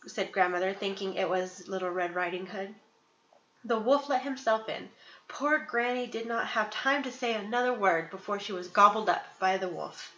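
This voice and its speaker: A woman reading a fairy tale aloud in a clear, steady storybook narration. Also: medium pitch, normal speed, roomy sound, lo-fi sound.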